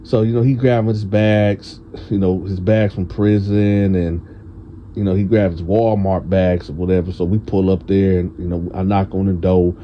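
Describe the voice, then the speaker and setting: A man from tells a prison storytime in a casual, animated way. He acts out his friends' voices in a higher pitch. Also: moderate pace, highs cut off, slight background noise.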